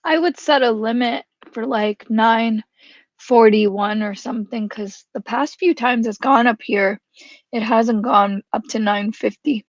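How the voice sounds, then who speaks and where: A woman's voice: fairly high pitch, unhurried, no room sound, lo-fi sound. A woman in a casual voice chat, giving matter-of-fact trading advice.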